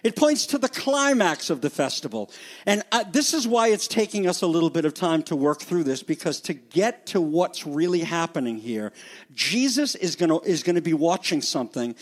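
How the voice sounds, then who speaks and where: Animated high-voiced male preacher. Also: moderate pace. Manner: animated, jokey, varies loudness for emphasis. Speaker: pastor. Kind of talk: sermon.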